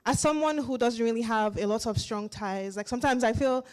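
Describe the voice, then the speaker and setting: A young woman from Nigeria stands in the audience at a community hall, speaking into a handheld mic. Her voice sits fairly high, and she picks her words carefully, pausing now and then. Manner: thoughtful, soft-spoken, hesitant. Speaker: audience member asking a question. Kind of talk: earnest public question.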